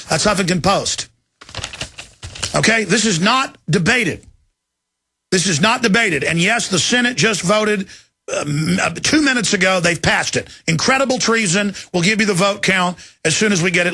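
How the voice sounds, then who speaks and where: A man's voice: high-pitched, bright, forceful tone. A middle-aged man hosting a talk radio show, emotional and alarmed as he reads news quotes aloud. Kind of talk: agitated talk radio monologue.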